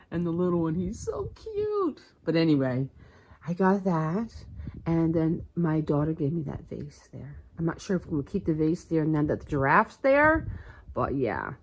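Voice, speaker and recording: A woman's voice: low voice, lively intonation, a little slow, lo-fi sound, a little hiss or hum. A middle-aged woman chatting to the camera at home as she films, gushing over her decor and often repeating herself. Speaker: home vlogger. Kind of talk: casual chat to camera. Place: at home, indoors. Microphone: handheld camera.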